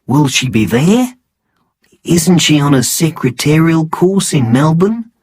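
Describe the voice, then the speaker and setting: A man's voice: a little high, expressive, slow, a little mellow, breathy edge, no room sound, pitched above the performer's own voice, full character voice. A man reading a storybook, voicing an anxious, insistent male scientist in a raised voice. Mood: eager.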